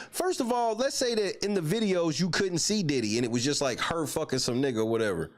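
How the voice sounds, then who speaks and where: A man's voice: medium pitch, big pitch swings, quick pace, hardly any pauses. A man hosting a livestream, giving blunt, profane casual commentary. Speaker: livestream host.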